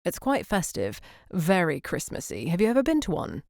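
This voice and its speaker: A woman's voice: fairly low pitch, wildly swooping pitch, normal speed, darkish tone, no echo, clean studio sound, heavily acted. Woman voicing an earnest British young man. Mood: friendly. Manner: passionate, slightly gruff.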